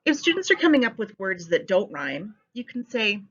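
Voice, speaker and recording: A woman teacher giving an instructional voice-over with a clear, expressive delivery. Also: medium pitch, brisk, hardly any pauses. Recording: slightly muffled recording.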